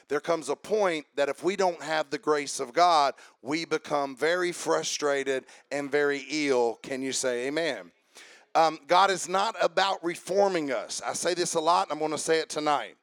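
A pastor preaching a sermon, folksy and repetitive, asking the congregation for amens and building to rhythmic shouting. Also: male voice, a little high, no room sound, studio quality.

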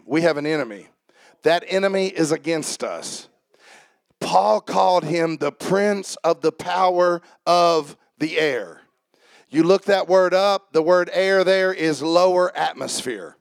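A high-voiced man preaches in a church, talking quickly and rising into loud, shouted peaks. His voice is close and dry, with little room sound. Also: creaky, no room sound. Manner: fast, building to shouted climaxes. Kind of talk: sermon. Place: church sanctuary.

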